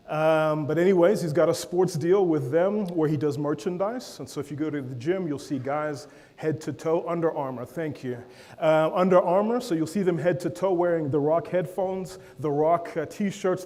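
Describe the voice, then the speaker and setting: A man giving a lively keynote at a conference, joking with and calling on the audience in a large hall. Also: on the high side. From Africa. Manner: energetic, playful, calls on the audience and jokes. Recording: long hall reverb.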